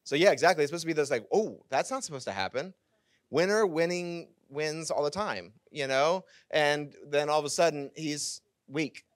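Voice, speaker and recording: Male pastor, sermon, animated storytelling, fairly high voice, dry close sound. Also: normal speed, hardly any pauses, dry recording. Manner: animated storytelling, casual asides.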